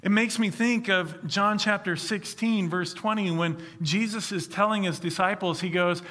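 A man preaching a sermon, reading scripture and then retelling it in a lively, conversational way with acted-out quotes. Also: high voice, normal speed, hardly any pauses. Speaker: pastor.

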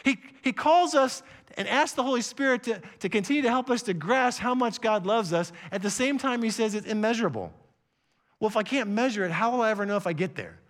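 A man in his sixties preaching a sermon in a conversational way, with jokey asides and repeated phrases, swinging from emphatic bursts to a hush. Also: sits high, a little fast. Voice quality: animated and emphatic, with sudden drops to a hush. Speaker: pastor.

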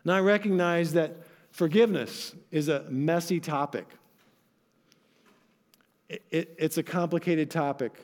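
A man's voice: fairly high pitch, unhurried, long pauses. A male pastor giving a sermon, telling stories animatedly and acting out voices with emphatic asides to his congregation.

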